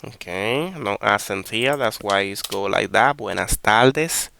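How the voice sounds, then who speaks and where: Guy teaching beginners, slow and patient, bright crisp voice, keeps saying okay. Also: fairly low pitch. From Dominican Republic. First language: Spanish. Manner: patient, repeats and checks with "okay?". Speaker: Spanish teacher. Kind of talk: online language lesson.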